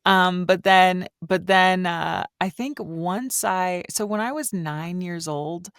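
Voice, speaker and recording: Smooth-voiced woman guest telling stories. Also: lowish voice, slow pace, a bit bright, no echo, studio quality. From Switzerland. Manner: chatty, storytelling. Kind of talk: casual interview chat.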